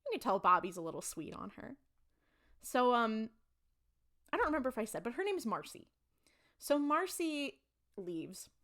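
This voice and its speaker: A woman's voice: on the high side, moderate pace, long pauses. A young woman co-hosting a podcast, recapping an episode in casual chat and acting out the characters' lines as she goes. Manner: animated storytelling, acts out characters' lines. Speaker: podcast co-host.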